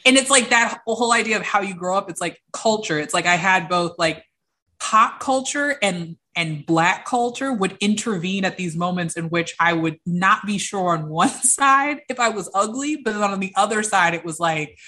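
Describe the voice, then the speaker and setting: A young woman, an interview guest, telling personal stories in an animated way and acting out the voices of the people she quotes. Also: mid-range voice, moderate pace. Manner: acts out quoted voices, lively. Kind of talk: animated storytelling.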